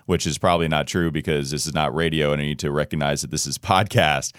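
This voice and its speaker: A man co-hosting a sports podcast in a studio, chatting casually with an animated, jokey, self-deprecating manner. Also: a bass voice, fast talker, smooth, no room sound. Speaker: podcast co-host.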